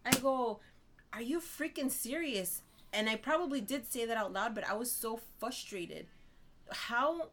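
A young woman co-hosting a casual chat, telling an animated, exasperated story and checking in with "right?" often. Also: on the high side.

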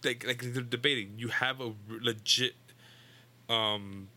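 A man's voice: medium pitch, fairly even intonation, a little slow, bright, forceful tone. A young man casually retelling a comic book story to a friend, rambling and swearing, full of fillers and restarts. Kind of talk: casual chat.

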